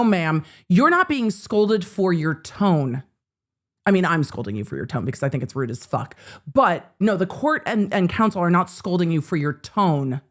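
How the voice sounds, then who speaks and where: A woman hosting a live trial-commentary stream, blunt and sarcastic, swearing freely. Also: lowish voice. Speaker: legal commentator host.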